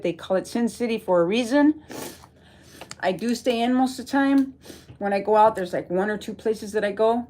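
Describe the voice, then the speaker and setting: A woman from Texas with a medium-pitched, darkish voice livestreams from home, rambling and emotional as she reads the chat and answers viewers along the way.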